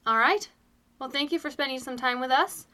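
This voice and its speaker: A woman's voice: high-pitched, a little fast, sharp tone. A woman co-hosting a podcast, chatting casually and giggling about a movie. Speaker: podcast co-host.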